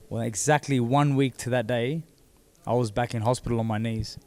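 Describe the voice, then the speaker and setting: A man, seated as an interview guest, telling his own story in a halting way that repeats words as he goes. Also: medium pitch, fairly even intonation, a little mellow. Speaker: interview guest, former boxing champion. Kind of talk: candid personal storytelling.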